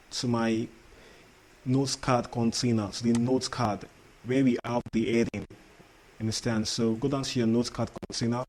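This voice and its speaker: A coding instructor with a non-native English accent teaches a tutorial while sharing his screen, repeating himself and often checking in with "understand?" His voice is medium-pitched and a little mellow, with slight hiss or hum in the recording.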